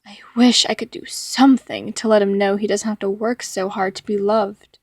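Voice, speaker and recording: A woman voicing a calm, protective young man in a storybook reading, speaking softly and quietly. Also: mid-range voice, moderate pace, dry recording, studio quality, close to an everyday voice. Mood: tender.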